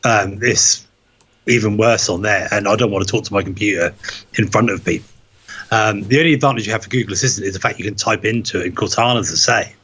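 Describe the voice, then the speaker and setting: A man's voice: on the low side, fast, a bit bright, slightly rough. A man with a Norfolk accent co-hosting a tech podcast, talking through his opinions in a loose, rambling casual chat. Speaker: podcast co-host.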